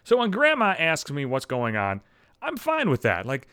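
A man's voice: on the high side, wildly swooping pitch, normal speed, sharp tone, smooth, no echo, studio quality. Profane ranting man in his thirties. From Buffalo area, USA. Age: 30s. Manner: profane, exasperated, sarcastic ranting. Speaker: podcast host. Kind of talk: casual comedic monologue.

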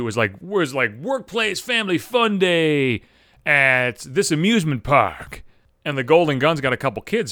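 A man's voice: a little high, bright, forceful tone, dry recording, studio quality. A middle-aged man delivering a profane, exasperated comedic rant, swearing constantly. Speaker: monologue speaker.

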